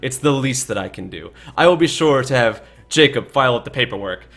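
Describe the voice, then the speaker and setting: A gracious, stately church matriarch, as a male game master puts her on in a tabletop game. She speaks formally and courteously, with a bright, ringing tone, and faint music plays behind her. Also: medium pitch, expressive, brisk.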